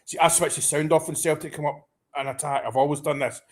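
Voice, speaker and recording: A man reacting live as a football fan, excitable and anxious, stammering and restarting his sentences. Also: fairly high pitch, fast. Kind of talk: live match watchalong reaction.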